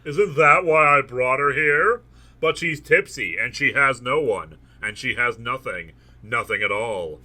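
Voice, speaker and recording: A man hosting a comedic novel reading speaks in an expressive, mid-range voice with a sharp tone and a measured pace. He reads passages aloud with mock-dramatic flair, then breaks off to add humorous commentary.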